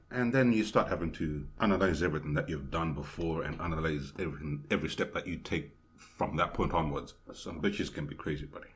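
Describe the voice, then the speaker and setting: A man's voice: low-pitched, a little fast. A man co-hosting a podcast, talking bluntly and profanely in casual chat. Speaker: podcast co-host.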